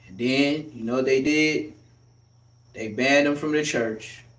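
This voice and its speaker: A man doing a loud, profane, heated comic rant as a live streamer, recorded in an echoey room. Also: mid-range voice, a little slow, distant mic.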